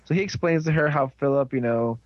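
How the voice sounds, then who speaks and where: Quick and medium-pitched, a man rambles through a casual retelling of a TV episode, dipping into the characters' quoted lines. There's no room sound, and the highs are cut off.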